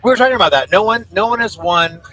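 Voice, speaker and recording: Male co-host, very bright edge to the voice, fairly high, quick upbeat chimes. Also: lively intonation, dry recording, soft background music, low-quality recording. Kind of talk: live event commentary.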